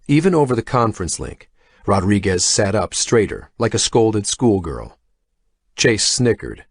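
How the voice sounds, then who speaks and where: Low-voiced male audiobook narrator. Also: sing-song, a little slow, husky, dry recording, studio quality. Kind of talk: scripted narration.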